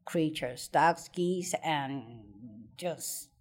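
A woman's voice: sits low, drawn-out words. A middle-aged woman telling a personal childhood story in conversation, hesitant, repeating words and laughing often. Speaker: interviewee.

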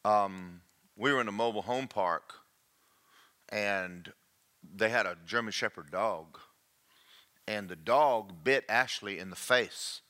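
An older man preaching a sermon, swinging between hushed asides and slow, emphatic lines. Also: fairly low pitch. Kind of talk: sermon with personal testimony.

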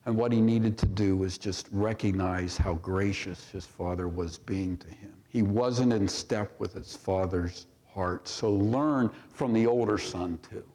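Pastor preaching in a reverberant sanctuary. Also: male voice, on the low side, mellow. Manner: reads scripture aloud and comments on it with rhetorical questions. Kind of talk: sermon. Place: church sanctuary. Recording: long reverb of a church sanctuary.

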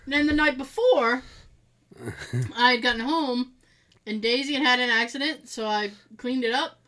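A woman co-hosting a podcast in casual chat, telling stories in an animated way, swearing freely and laughing often. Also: sits high, normal speed. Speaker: podcast co-host.

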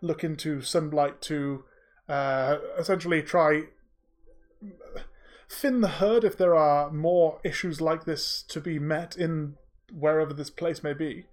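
A man's voice: fairly high pitch, fairly even intonation, a little slow, natural voice. A man playing a courteous, hesitant sheriff in a tabletop game. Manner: polite, hesitant, many fillers. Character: courteous male sheriff, measured and diplomatic.

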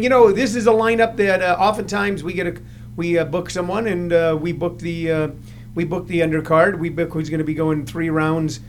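A man with a notably high voice hosts a relaxed interview, rambling through his questions with many hesitations. A faint hum runs behind him. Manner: rambling, lots of uh fillers. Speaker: radio host. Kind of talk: casual interview chat.

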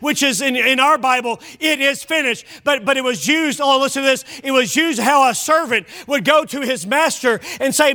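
Fervent male pastor, very high and sharp voice, shouts his sermon. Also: moderate pace, hardly any pauses. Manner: impassioned preaching, often shouting; addresses listeners as friend.

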